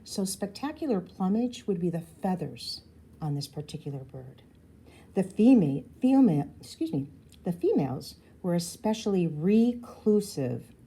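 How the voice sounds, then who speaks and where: Lady reading a kids' chapter book out loud, lowish mellow voice, stops to explain the big words. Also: sing-song, a little slow, husky. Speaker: storybook reader. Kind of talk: reading a children's novel aloud.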